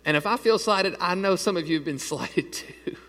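Animated man in his thirties preaching. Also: high voice, normal speed, big-room sound. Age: 30s. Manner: conversational preaching, animated storytelling. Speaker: pastor. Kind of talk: sermon.

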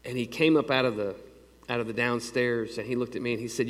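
A man's voice: medium pitch, fairly even intonation, a bit bright. A man preaching a conversational sermon, telling stories and asking his listeners questions in a folksy way. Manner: folksy, asks the crowd questions, quick asides. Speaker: pastor. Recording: long reverb of a large hall.

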